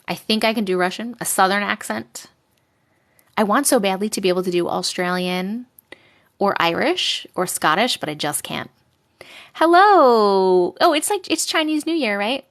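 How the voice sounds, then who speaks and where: A woman's voice: on the low side, a bit bright. A young woman hosting a casual live stream, chatting with viewers and reading their stories aloud, giggly and sometimes dropping to a whisper.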